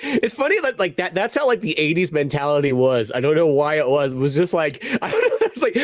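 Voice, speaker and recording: A man's voice: fairly high pitch, sing-song, brisk, few pauses, dry recording. Laughing podcast man, dry close sound. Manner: laughs often, acts out characters in mocking voices. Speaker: podcast co-host. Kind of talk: casual crude comedic chat.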